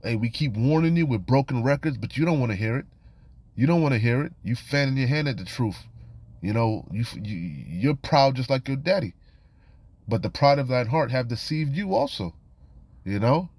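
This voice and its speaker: A man reads scripture and comments on it in a loose, conversational style, warning his listeners. He keeps falling back on "you know" and "man". His voice sits at a middling pitch and sounds close and dry, with no room sound. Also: lively intonation, normal speed, darkish tone, slightly rough, no echo. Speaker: scripture teacher. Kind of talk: informal scripture study and warning.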